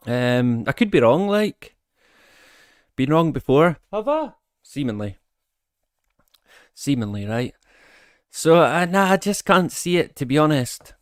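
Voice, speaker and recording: A man hosts a live stream in an unhurried, easygoing way, greeting viewers by name and laughing often between his remarks. His voice is smooth and clear, with a dry, close sound and no room echo. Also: a little high, lively intonation. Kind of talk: casual live-stream chat.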